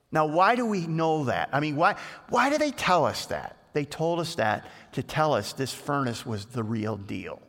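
A male pastor preaches in a chatty, storytelling way that builds into animated bursts. His voice sits fairly high and sounds bright and forceful. A long reverb hangs after each phrase in the church hall. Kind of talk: sermon.

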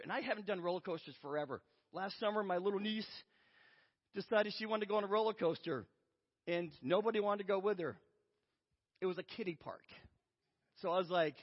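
A man's voice: high-pitched, brisk, pauses often. A man preaching a sermon, telling a story with self-deprecating humor. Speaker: pastor. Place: church sanctuary. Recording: lo-fi with long hall reverb.

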